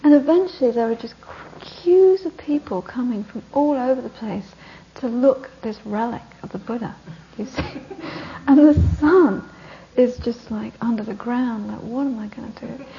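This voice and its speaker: A woman Buddhist teacher giving a talk, telling a story with lively narration that often drops to a whisper. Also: fairly high pitch, a little slow. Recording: dull lo-fi recording with faint hiss.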